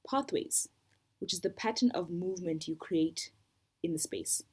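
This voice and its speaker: A woman teaches a storytelling workshop in a low, slightly breathy voice. She works through a list of terms and defines each one in turn, in a steady, deliberate way. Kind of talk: instructional talk.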